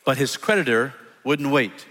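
A male pastor preaching an energetic, animated sermon, acting out quotes as he goes. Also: mid-range voice, moderate pace. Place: church sanctuary. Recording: long church reverb.

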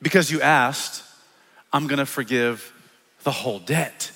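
A male preacher voicing a merciful king who speaks slowly and gently as he forgives a debt. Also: on the high side, fairly even intonation, long reverb tail, voice pushed down. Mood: gentle. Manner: slow and gentle.

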